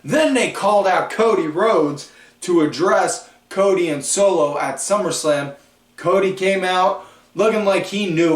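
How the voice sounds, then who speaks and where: A man hosting a wrestling podcast, recapping shows in a rambling, casual way full of fillers. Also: high-pitched. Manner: slow, drawn-out, rambling delivery with frequent fillers. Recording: echoey room, far from the mic.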